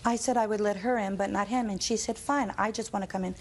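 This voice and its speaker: A woman's voice: medium pitch, fairly even intonation, fast, slight background noise. A woman testifying defensively and insistently as a plaintiff in a small-claims courtroom.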